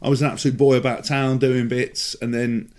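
A man's voice: mid-range voice, level tone, fairly quick, a little mellow. A British man in his thirties co-hosting a podcast, cheeky and laughing often, trailing off mid-sentence. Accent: British English. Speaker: podcast co-host. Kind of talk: casual banter.

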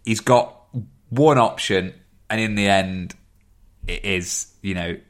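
A man's voice: fairly low pitch, takes it slowly. A man in a casual film chat, recapping the plot thoughtfully with many fillers.

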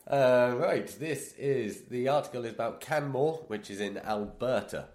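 A man's voice: mid-range voice, normal speed, darkish tone. A man co-hosting a podcast, chatting casually in a playful, jokey way. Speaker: podcast co-host.

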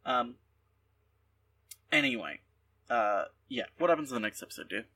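A man's voice: mid-range voice, very animated, moderate pace, pushed and bright, recorded from a distance. A man co-hosting a podcast in casual chat, rambling with lots of ums and restarts. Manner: rambling, many fillers and restarts. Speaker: podcast co-host.

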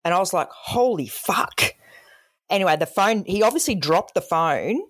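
Low-voiced Australian woman telling stories. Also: animated, brisk. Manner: frank storytelling, acts out callers' voices. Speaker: former emergency call operator. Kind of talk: conversational podcast interview.

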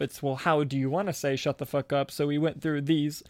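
A man's voice: fairly high pitch, level tone, normal speed, darkish tone, no echo. A young man hosting a casual podcast, rambling and restarting his sentences often, with frequent laughter. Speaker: podcast host and filmmaker.

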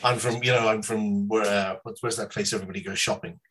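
A man's voice: lowish voice, steady tone, quick pace, a bit bright, low-quality recording. A man from Ireland, chatting casually on a podcast, rambling, swearing and laughing often. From Northern Ireland. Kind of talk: casual chat.

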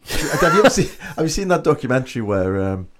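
A man co-hosting a podcast, telling stories in a chatty, relaxed way. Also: medium pitch, fast talker. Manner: anecdotal, chatty storyteller. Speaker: podcast co-host. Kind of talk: casual chat.

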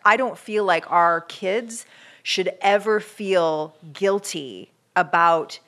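A woman's voice: fairly low pitch, slow pace, a bit bright. A woman co-hosting a parenting podcast, explaining her views in a thoughtful casual chat. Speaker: podcast co-host, parenting expert.

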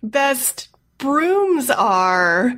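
A woman playing a character in a tabletop role-play, wry and deadpan. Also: sits high, very slow. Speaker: player.

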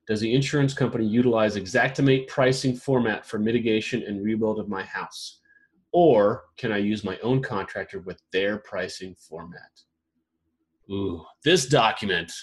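A man hosting a casual roundtable, reading a list of questions aloud and reacting to them with amused commentary. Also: fairly low pitch. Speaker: podcast host.

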